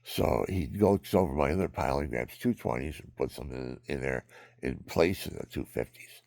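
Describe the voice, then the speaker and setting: An older man telling a rambling personal story, often dropping into hushed whispers and repeating himself. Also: very deep voice, lively intonation, moderate pace, dry recording. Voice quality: gravelly. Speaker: vlogger.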